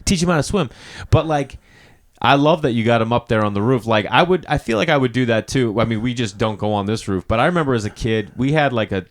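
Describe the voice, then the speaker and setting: A man's voice: mid-range voice, lively intonation. A man with a Boston accent hosting a podcast in his studio, telling stories in casual chat and acting out what people said. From Boston area. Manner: rapid storytelling with acted-out quotes. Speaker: podcast host.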